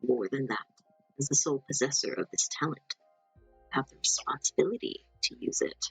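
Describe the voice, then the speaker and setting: A woman voicing a self-assured male djinn who grants wishes, speaking in a slow, persuasive way. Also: a bass voice, slightly rough, no room sound, soft background music, voice pushed down, heavily acted, low-quality recording. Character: smooth-talking male wish-granting djinn.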